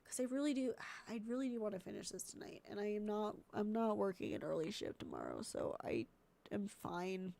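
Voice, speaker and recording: A woman's voice: medium pitch, sing-song, a little fast, gravelly, mellow. A congested woman streamer chatting casually and thinking aloud while editing videos, easily distracted.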